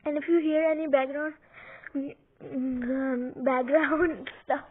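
A woman's voice: high-pitched, steady tone, slow. A young woman chatting casually while playing a game at home on her couch, rambling and giggling with lots of hesitations. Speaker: gaming video host. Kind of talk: casual gameplay commentary. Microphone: phone or computer mic, sometimes covered by her hand. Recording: tinny phone-like audio with faint hiss.

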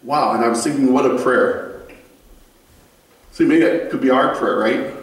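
A man preaching a sermon as a pastor, telling stories in a conversational, animated way and turning to people in the congregation. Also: medium pitch, unhurried, long pauses. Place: church sanctuary. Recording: very echoey room, mic far off.

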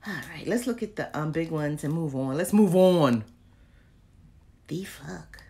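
A woman's voice: low-pitched, lively intonation, unhurried, dark tone. A woman vlogging casually to her viewers, chatty and exasperated, full of slang and muttered asides. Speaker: candle vlogger. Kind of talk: casual live chat to viewers.

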